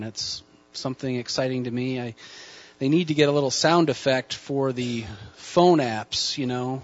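A man's voice: fairly high pitch, highs cut off. A man preaching a casual, conversational sermon to a church congregation, with folksy asides. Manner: hushed, slow prayer. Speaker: guest preacher. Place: church sanctuary.

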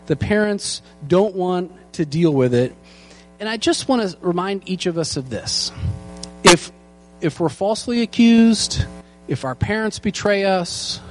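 A man with a fairly high voice preaches in an earnest tone, slowing to lean on the lines that matter. Faint music plays softly underneath him. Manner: earnest, slows down to stress key lines. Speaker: pastor teaching a Bible study. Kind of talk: sermon.

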